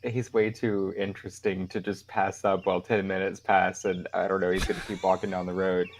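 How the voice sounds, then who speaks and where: Player, man, low voice, halting casual talk, video call. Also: little pitch movement, a little hiss or hum. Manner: hesitant, restarts with laughter. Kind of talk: casual chat at a tabletop game.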